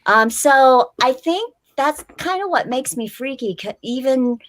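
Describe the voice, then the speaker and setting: A woman with a high, slightly slow voice, a band musician guesting on a casual interview. She tells a story animatedly, acts out what people said, and leans on plenty of fillers.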